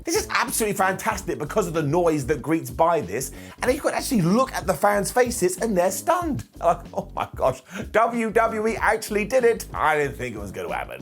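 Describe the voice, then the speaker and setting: A young man talks through a retro wrestling review, and his pitch leaps and dips all over the place. His voice sits a bit high, and a faint music bed plays underneath him. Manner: animated, jokey, quoting wrestlers in asides.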